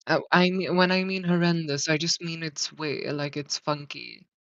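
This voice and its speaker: A man's voice: a little high, steady tone, moderate pace, creaky, a bit bright, no room sound, highs cut off. A man with a Swedish accent chatting casually, hesitant and full of fillers, a little self-deprecating. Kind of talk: casual chat.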